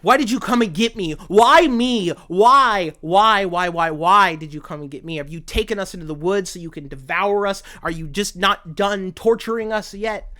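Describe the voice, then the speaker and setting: A man's voice: high voice, moderate pace, hardly any pauses, sharp tone, pitched above the performer's own voice. A man voicing a frightened, anguished young boy who pleads in a raised voice.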